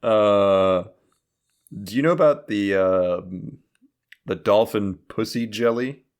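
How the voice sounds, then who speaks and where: A man hosting a casual comedic podcast, animated and profane, often laughing as he tells a story. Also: lowish voice, takes it slowly, smooth. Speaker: podcast host.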